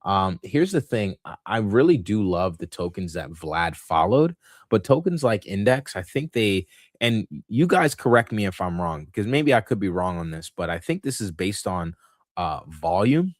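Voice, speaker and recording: A man's voice: sits low, sing-song, normal speed, no room sound, studio quality. A man hosting a casual market commentary livestream, thinking aloud with lots of fillers and restarts, and a touch of hiccups. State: has the hiccups. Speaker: livestream host.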